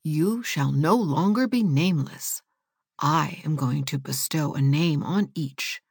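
A woman voicing a feeble, kindly old woman in a fairy-tale reading, speaking slowly in a weak, soft voice that drops at times to a half-whisper. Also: low-pitched, lively intonation, breathy edge, no echo, clean studio sound, heavily acted. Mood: gentle, frail.

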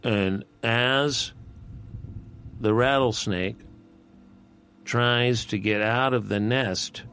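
A man telling an animal folk tale in a relaxed, folksy, unhurried manner. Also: mid-range voice, soft background music. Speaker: storyteller.

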